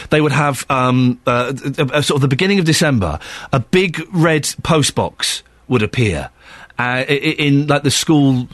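A middle-aged man presenting a casual breakfast radio show from a studio, chatty and quick to laugh. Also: medium pitch, no echo. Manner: chatty, animated, laughs often.

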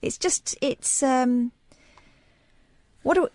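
A woman's voice: high voice, drawn-out words, a little mellow, dry recording. A woman chatting in the radio studio, making thoughtful points in an earnest way.

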